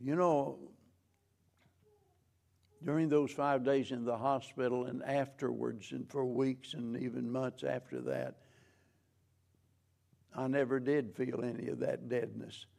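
A man preaching a sermon as pastor, slow and measured, with frequent restarts. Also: medium pitch, gravelly, a little mellow.

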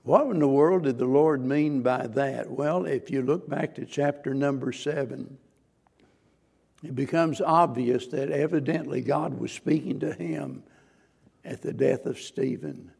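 A man's voice: mid-range voice, a little slow, creaky, a little mellow, breathy edge. A man preaching a sermon as pastor, earnest and questioning, pressing his listeners with rising, emphatic points.

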